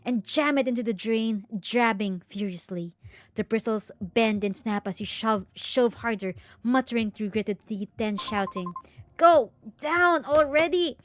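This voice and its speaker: A woman's voice: medium pitch, no room sound. A woman streamer reading a horror game's text aloud with dramatic, tense narration and shocked asides.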